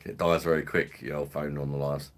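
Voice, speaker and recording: A man's voice: a bass voice, little pitch movement, moderate pace. A man from London with a Cockney-ish accent, hosting a casual live stream and chatting matily with viewers. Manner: matey, chatty, drops in slang and laughs.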